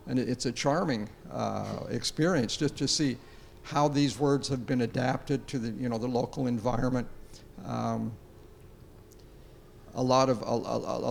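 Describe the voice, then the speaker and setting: Panelist from Utah, steady explainer with a gravelly edge. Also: male voice, mid-range voice, a little hiss or hum. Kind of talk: conversational explanation.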